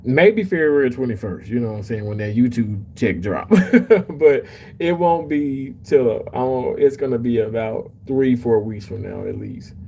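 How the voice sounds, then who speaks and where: A man's voice: mid-range voice, expressive, unhurried, gravelly, darkish tone, a little hiss or hum, low-quality recording. A man hosting a casual livestream, chatty and emotional as he reads comments aloud. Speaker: livestream host reading chat.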